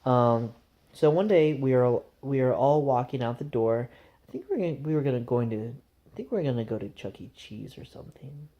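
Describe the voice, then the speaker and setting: A man's voice: mid-range voice, dull audio. A man telling a rambling, conversational story to camera in a casual vlog. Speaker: vlogger.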